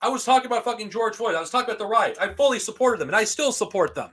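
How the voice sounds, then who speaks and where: A man's voice: high-pitched, lively intonation, racing, a bit bright. A man streamer reacting to a stream about himself, talking back indignantly and swearing as he defends his views. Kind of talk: angry reaction commentary.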